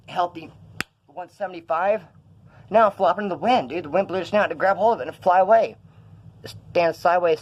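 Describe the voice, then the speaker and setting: A young man telling stories in a rambling, profane way while feeling ill, filming himself in a room. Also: a little high. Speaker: vlogger. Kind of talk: casual rambling vlog.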